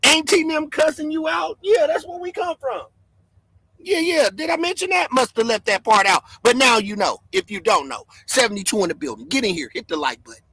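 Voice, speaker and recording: A man hosting a livestream, yelling and cursing in fired-up commentary from home. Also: extremely high pitch, expressive, fairly quick, husky, dry recording. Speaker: livestream host.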